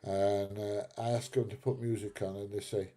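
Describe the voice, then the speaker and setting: Self-mocking British bloke, dark voice. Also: male voice, on the low side, little pitch movement, moderate pace. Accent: British English. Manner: laughs often, self-mocking, calls people mate. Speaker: live stream host. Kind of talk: casual chat reading viewer comments.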